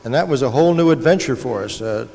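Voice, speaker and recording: An older man tells stories on a panel with a dry, joking manner. His voice sits at an ordinary pitch. A long reverb from a large hall trails each phrase. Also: lively intonation, fast, vocal fry, dark tone. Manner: dry humor, anecdotal.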